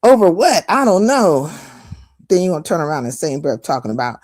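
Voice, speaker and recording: A woman's voice: low voice, big pitch swings, a little fast, darkish tone, no room sound, studio quality. A woman hosting a live stream, delivering a heated, profane, confrontational rant full of mocking asides.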